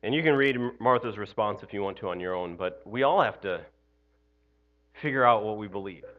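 A man's voice: fairly low pitch, lively intonation, fairly quick, highs cut off. A male pastor giving an Easter morning sermon in a loose, conversational way, often adding "you know" and "right?". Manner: conversational, frequent "you know" and "right?", self-deprecating laughs.

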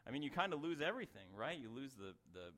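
Middle-aged male pastor, casual sermon delivery, rambling asides, mid pitch. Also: sing-song, quick pace, a bit bright. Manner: conversational, self-interrupting, chuckles at own asides.

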